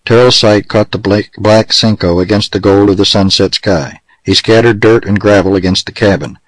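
Male audiobook narrator, low voice, dry close recording, steady western storytelling. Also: moderate pace, dry recording, rough recording.

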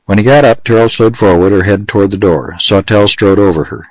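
A man narrating a western novel in a steady, measured way. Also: on the low side, no echo, low-quality recording. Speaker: audiobook narrator.

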